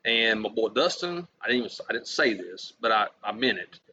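A man tells a story in a rambling, profane, trash-talking way, his voice bright and forceful. The recording is dull and lo-fi, with a faint hiss underneath. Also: lowish voice, sing-song, brisk. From Louisiana.

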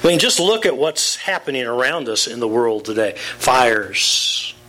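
A man's voice: mid-range voice, expressive, a little slow, pushed and bright, a little hiss or hum, poor audio. A man, a pastor, preaching a sermon with emphatic rhetorical questions.

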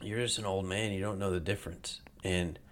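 Deadpan man spinning an absurd bit. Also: sits low, a little fast. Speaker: podcast co-host. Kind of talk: improvised comedy bit.

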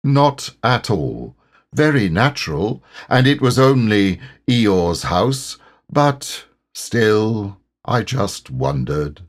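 A man reading an audiobook, voicing a gloomy, self-pitying old grey donkey in a slow, melancholy drawl. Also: on the low side, very animated.

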